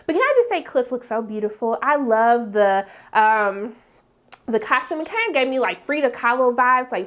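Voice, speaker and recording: Young woman vlogger, high voice, lively recap host who swings between loud squeals and muttered asides. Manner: animated, jumping between high exclamations and low asides. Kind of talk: casual TV recap vlog.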